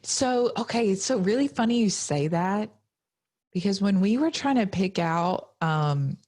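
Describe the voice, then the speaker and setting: A woman's voice: medium pitch, lively intonation, unhurried, darkish tone. A woman in her thirties in casual conversation, chatty and full of filler words. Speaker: podcast co-host. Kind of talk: casual chat.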